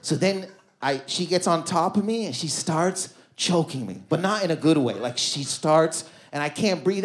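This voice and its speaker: Canadian male comic, slightly high voice, lively club stand-up storyteller. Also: normal speed. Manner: animated storytelling, acting out voices. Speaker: stand-up comedian. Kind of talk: stand-up comedy set. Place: comedy club stage.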